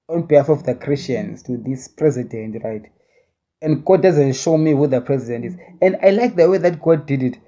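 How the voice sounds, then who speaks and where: A man talks through a vision he had, rambling and circling back with restarts and hedges. His voice sits a little high for a man, with a dark, mellow tone. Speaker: speaker recounting a vision. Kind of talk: casual spoken monologue.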